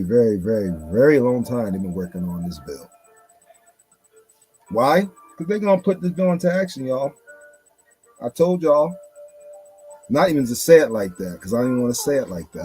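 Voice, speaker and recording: A man's voice: medium pitch, animated, normal speed, dark tone, husky, soft background music. A man hosting a casual commentary monologue, blunt and emphatic, swearing and repeating himself for stress. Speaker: commentary show host.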